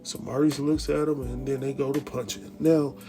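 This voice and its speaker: A man hosting a casual TV episode recap, talking in an animated, slangy way. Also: medium pitch, moderate pace. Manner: animated, slangy, laughs often, jumps into quoted voices. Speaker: recap host. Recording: music bed behind voice.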